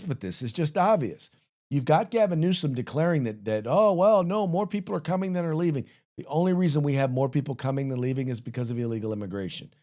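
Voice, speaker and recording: A man hosting a political commentary podcast, speaking emphatically and with strong opinions, reading out headlines and adding quick asides. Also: medium pitch, darkish tone. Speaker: podcast host.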